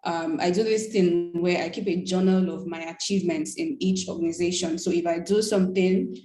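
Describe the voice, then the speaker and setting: Woman, low voice, roomy echo. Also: fairly even intonation, brisk, over music. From Nigeria. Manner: conversational, frequent "like" and "yeah" fillers. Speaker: panel speaker. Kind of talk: casual panel talk.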